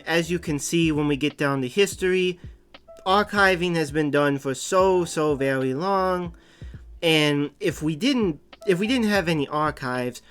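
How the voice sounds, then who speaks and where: A man with a Boston accent talks through a casual info-dump monologue in a slightly high, smooth, clear voice. He rambles and often corrects himself mid-sentence. Faint background music plays under his talk. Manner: rambling, with self-corrections and small laughs. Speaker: channel host. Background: soft background music.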